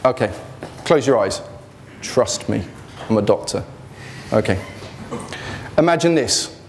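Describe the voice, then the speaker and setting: A man's voice: fairly low pitch, a little slow, vocal fry, darkish tone, slight background noise. A man giving an informal motivational talk about his business failures, blunt and joking, speaking in a students' union hall.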